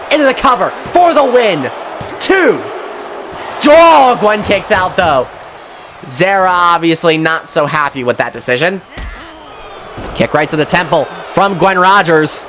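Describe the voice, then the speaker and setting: High-pitched guy yelling wrestling play-by-play, swears a lot, noisy hiss in the recording. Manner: excitable, sweary, often shouting at the action. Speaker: wrestling commentator. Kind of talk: play-by-play video game commentary.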